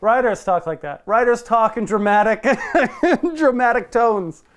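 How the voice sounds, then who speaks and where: A man's voice: high-pitched, lively intonation, clear, resonant tone. A man co-hosting a movie review show who argues his side in casual debate and often stumbles and repeats words. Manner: argumentative, halting, repeats words.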